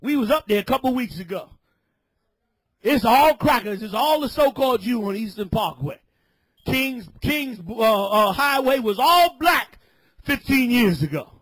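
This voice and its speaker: A man preaching a fiery sermon, shouting and scolding his listeners. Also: very high voice, expressive, unhurried, slightly rough, no echo.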